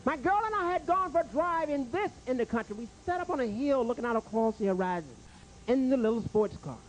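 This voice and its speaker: Stand-up guy at a club, real high voice swinging all over, jokey, keeps tripping on his words. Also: fast, a little hiss or hum. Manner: animated, jokey, stammering restarts; banters with the crowd and waiter. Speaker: stand-up comedian. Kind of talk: stand-up comedy set. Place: comedy club stage.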